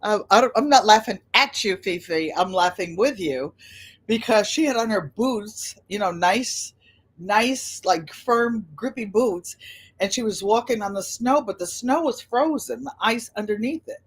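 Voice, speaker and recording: A woman's voice: mid-range voice, expressive, a little slow, breathy edge. Older woman hosting a livestream, rambling casual chat, welcomes viewers by name. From United States. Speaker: livestream host.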